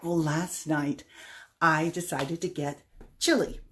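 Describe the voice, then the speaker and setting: A woman's voice: sits low, fairly even intonation, takes it slowly, slight background noise. Chatty woman telling a rambling story. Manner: chatty, rambling, self-deprecating. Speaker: vlogger. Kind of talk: casual storytelling monologue.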